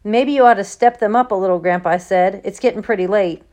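A woman reading as a gruff teasing old grandpa. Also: medium pitch, brisk, a little mellow, natural voice. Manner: gruff, dismissive of superstition.

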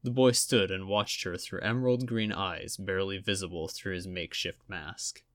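A man reading a story aloud with steady storytelling. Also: sits low, normal speed, no echo, studio quality. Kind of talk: audiobook narration.

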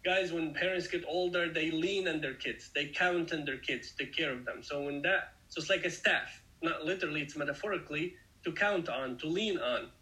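A man's voice: on the high side, moderate pace, few pauses, pushed and bright, poor audio. A man giving a conversational Bible study sermon, explaining the passage earnestly and speaking straight to his listeners. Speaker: Bible teacher.

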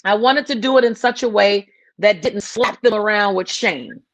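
A woman's voice: medium pitch, moderate pace, no room sound. Woman director, interview guest; earnest, emphatic delivery with false starts, dry recording. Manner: passionate, repeats and restarts phrases. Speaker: filmmaker guest. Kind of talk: interview conversation.

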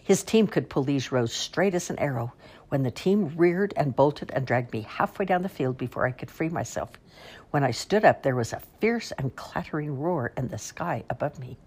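A calm, mysterious old grandmother , voiced by a woman reader, speaks slowly and measuredly from a storybook. Her voice is deep and hushed with a husky breath. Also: heavily acted.

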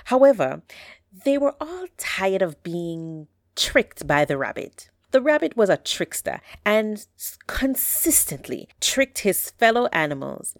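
A woman storyteller telling folktales aloud with an expressive, drawn-out delivery. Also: mid-range voice, no room sound, studio quality.

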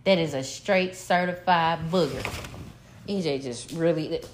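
A middle-aged woman telling a story in casual chat, animated and profane, breaking into laughter. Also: sits low, a little slow, slight background noise. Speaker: podcast co-host, mother.

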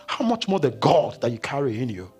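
A male pastor preaching a sermon in a church, swinging from loud declarations to hushed, whispered words. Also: mid-range voice, very animated, brisk, husky. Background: faint keyboard music.

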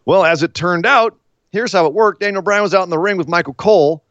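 A man co-hosting a casual chat, retelling events blow by blow in an animated way. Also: sits high, fast, dry recording, highs cut off. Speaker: podcast co-host. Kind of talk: casual wrestling recap chat.

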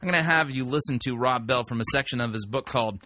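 A man's voice: medium pitch, fast talker, pushed and bright, a little hiss or hum. A man hosting a talk radio show, speaking in an emphatic, conversational way with frequent restarts.

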